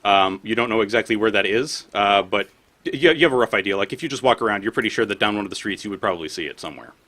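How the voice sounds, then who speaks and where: A man running a tabletop game as game master, narrating haltingly with many fillers. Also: fairly low pitch, expressive, bright, forceful tone. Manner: hesitant, many fillers, narrates and voices townsfolk.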